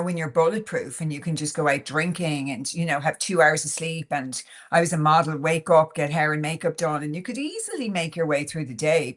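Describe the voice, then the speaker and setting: Irish woman, podcast guest, lowish voice, frank, animated, chatty fillers. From Ireland. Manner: frank and animated, laughing often, many "like" and "you know" fillers. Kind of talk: candid conversational interview.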